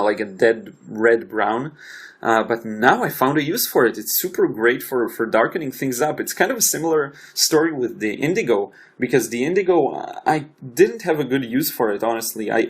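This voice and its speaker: Halting man narrating a painting lesson. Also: medium pitch. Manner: halting, restarts and stutters often. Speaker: watercolor artist and channel host. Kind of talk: casual voice-over narration of a painting session.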